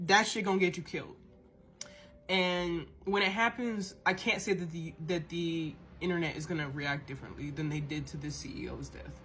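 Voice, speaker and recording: A woman's voice: fairly low pitch, fairly even intonation, moderate pace, fairly bright tone, soft background music. A woman hosting a podcast, ranting in a heated, profane monologue and often repeating and restarting words as she gets worked up. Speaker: podcast host.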